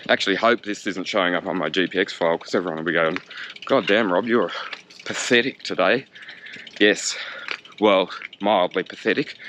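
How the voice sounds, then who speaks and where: A man's voice: low-pitched, a bit bright, slight background noise. A man with an Australian accent chatting casually in a vlog outdoors in a park, joking and talking to himself, filmed on a handheld camera. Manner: chatty, jokey, talks to himself. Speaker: cycling vlogger.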